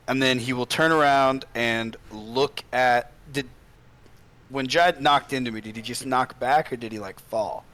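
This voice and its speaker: Man, tabletop player, bright tone, hesitant, mid pitch. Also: steady tone, a little slow. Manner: hesitant, restarts a lot. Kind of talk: casual tabletop game play.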